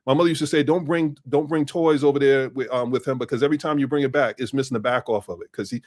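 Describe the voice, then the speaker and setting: A man's voice: mid-range voice, steady tone, fast talker, a little mellow. A man in his fifties, a guest on a casual interview, telling stories in a mix of street slang and business talk and repeating his phrases.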